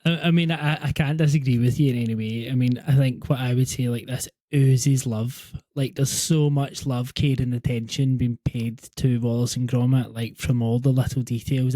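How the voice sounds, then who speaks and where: A man co-hosting a podcast in a measured, agreeable way. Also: medium pitch, dark tone, no echo. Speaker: podcast co-host. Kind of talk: casual chat.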